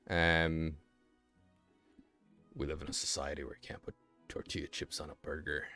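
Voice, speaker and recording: Low-voiced British man rambling casually. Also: no room sound. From Britain. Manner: rambling, self-mocking, swears freely. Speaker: streamer. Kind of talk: casual live-stream chat while drawing.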